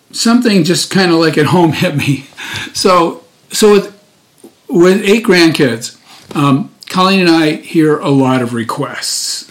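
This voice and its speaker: A deacon in his sixties giving a chatty, informal daily gospel reflection, full of fillers and restarts. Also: on the high side.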